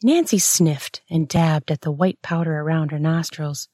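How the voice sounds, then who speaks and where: A woman narrating a read-aloud erotic story in a measured, unhurried way. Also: sits low, dark tone, dry recording, clean studio sound.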